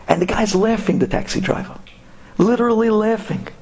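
A man telling a religious story to an audience of women, animated and dramatic, mixing in Hebrew terms. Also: high-pitched, a little fast, heavy background noise. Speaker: speaker.

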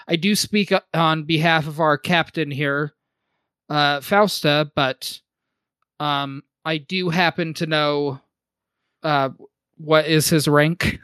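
A man's voice: fairly high pitch, bright, forceful tone, smooth, no echo. A man playing a tabletop game, speaking in character hesitantly and politely, with many fillers. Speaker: player. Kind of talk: in-character role-play.

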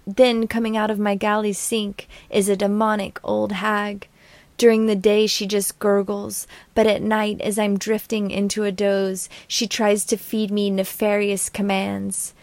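Flat-voiced woman reading a dreamy memoir. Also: mid-range voice, a little slow, dry recording. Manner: dreamy, poetic. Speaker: narrator.

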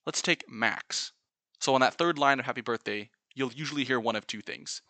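A man's voice: medium pitch, normal speed, pushed and bright, dry recording. A man giving an earnest, playfully analytical explanatory monologue, breaking into short sung examples. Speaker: video essayist.

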